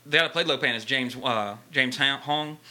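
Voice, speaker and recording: A man's voice: mid-range voice, normal speed, pushed and bright. A man co-hosting a podcast in casual chat, firing off teasing questions and chuckling. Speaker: podcast co-host.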